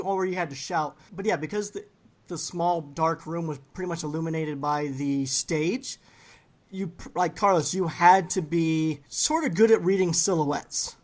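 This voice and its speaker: A man's voice: a little high, normal speed. A man hosting a podcast, telling stories in a casual, teasing way. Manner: animated storyteller, teasing. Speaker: podcast host. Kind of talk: casual chat.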